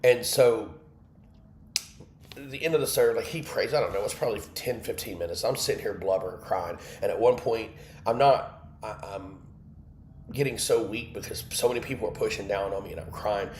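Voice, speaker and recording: Low-voiced man telling a personal story. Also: moderate pace, darkish tone, roomy sound, slight background noise. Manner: candid, emotional storytelling with asides to chat. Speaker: host of an online Bible study. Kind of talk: personal testimony on a livestream.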